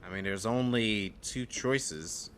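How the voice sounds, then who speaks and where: A man streaming a horror game, chatting casually with his viewers and reacting with quick laughs. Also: fairly low pitch, background noise. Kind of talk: casual gameplay commentary.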